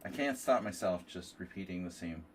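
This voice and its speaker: Hosting a tournament, this chess streamer gives casual commentary while playing online chess, talking loosely to viewers in a lower, nasal, expressive voice at a moderate pace. He slips into offhand, self-deprecating asides, a little distant from the mic amid a faint background hiss.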